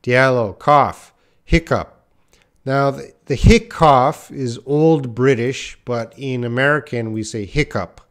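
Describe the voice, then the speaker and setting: A man's voice: medium pitch, takes it slowly, a bit bright, clear, resonant tone. A man teaching English on a live stream, reading out viewers' questions and thinking aloud with lots of fillers. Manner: thinking aloud with many uh fillers, reads viewer names and comments.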